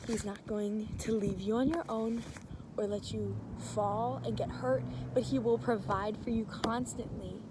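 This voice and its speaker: A woman's voice: on the high side, steady tone, a little slow, noisy background. A woman teaching a children's scripture lesson, upbeat and encouraging as she talks to the kids.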